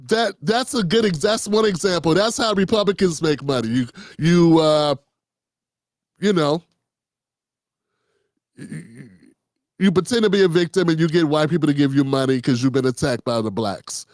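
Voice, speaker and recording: Hosting a political commentary show, this man talks off the cuff, bluntly and profanely, rambling and often restarting. His voice is a little high and a little mellow; he speaks a little slowly and pauses often, and the studio sound is clean with no room sound.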